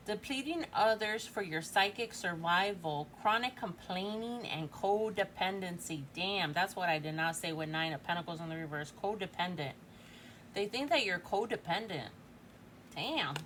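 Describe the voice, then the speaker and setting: A tarot reader in her forties gives a casual reading, chatty and thinking aloud, often ending lines with "right?". Her voice is fairly low and fairly bright, with slight background noise.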